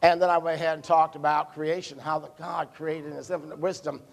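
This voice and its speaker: Folksy Midwestern preacher telling a story. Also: male voice, on the high side, little pitch movement, brisk, creaky. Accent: Midwestern American. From United States. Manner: folksy, self-deprecating storytelling with acted-out quotes. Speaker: pastor. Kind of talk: storytelling sermon. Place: church service.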